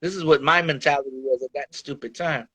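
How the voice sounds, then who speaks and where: Pitched on the high side, this man speaks a bit fast with a pushed, bright, slightly rough voice in a dry recording. As a podcast guest, he lays out his life candidly in loose conversation, swearing, using slang and addressing the listener as "bro" and "dog."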